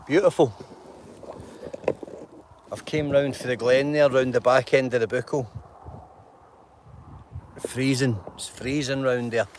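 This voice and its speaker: A man's voice: mid-range voice, fairly even intonation, a little slow, long pauses, a little hiss or hum. A man, hosting a casual live stream and greeting viewers by name in a rambling, chatty way, outdoors in a mountain glen on a phone.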